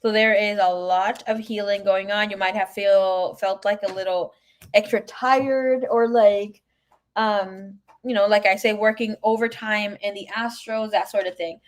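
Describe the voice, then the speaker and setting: A woman's voice: medium pitch, steady tone, unhurried. A woman giving a casual live tarot reading, chatting and telling stories to viewers she calls by name. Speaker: tarot reader.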